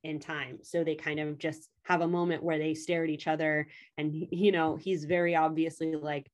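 Woman recapping a story, chatty and swears a lot, kinda low voice, acts out the characters' lines. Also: moderate pace. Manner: animated, profane retelling with quoted voices. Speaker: podcast co-host recapping a story. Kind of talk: casual chat.

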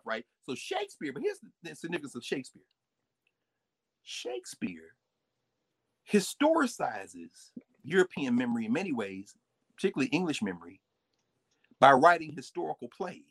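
A man, a professor, talking in an energetic storytelling way and acting out little asides and voices. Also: medium pitch, no echo. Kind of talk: animated lecture-style talk.

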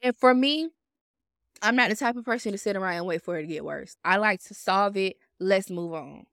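A woman in her twenties hosting a podcast, telling her story in a blunt, profane, animated self-help monologue. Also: mid-range voice, fairly quick, no room sound, clean studio sound. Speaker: podcast host.

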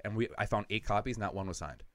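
A man on a podcast, telling a comedic personal story in quick, animated, profane bursts. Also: fairly low pitch, no echo. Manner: rapid, animated, profane anecdotes. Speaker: comedian guest.

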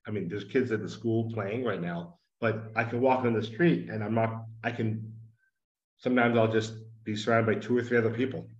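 A man's voice: on the low side, steady tone, normal speed. A man from the United States, a podcast guest, talking earnestly and at length in a casual interview from his home. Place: home in a small town. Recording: roomy, dull lo-fi audio.

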